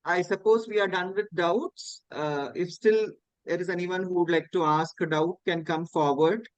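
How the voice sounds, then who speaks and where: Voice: mid-range voice, fairly even intonation, moderate pace, no room sound, poor audio. A host wrapping up an online training session and giving announcements, taking care to repeat the instructions. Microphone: video call.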